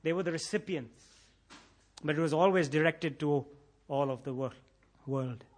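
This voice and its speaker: A male preacher with a fairly high voice delivers a sermon. He builds to intense, impassioned emphasis and repeats phrases to drive them home. Now and then he acts out imagined prayers in a quoted voice. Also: normal speed. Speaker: pastor.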